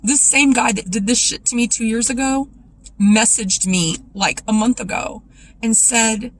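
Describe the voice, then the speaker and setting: A woman vlogger speaking in a raw, emotional personal monologue, confessional and tearful, her voice dropping low when upset. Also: measured pace, a little hiss or hum, rough recording.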